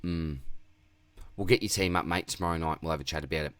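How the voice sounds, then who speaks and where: Reading chat aloud on a laid-back livestream Q&A, an Australian man answers viewer questions and keeps calling everyone mate. His rumbling low voice is clear, resonant and fairly bright, with fairly even intonation and a quick pace, in a dry recording.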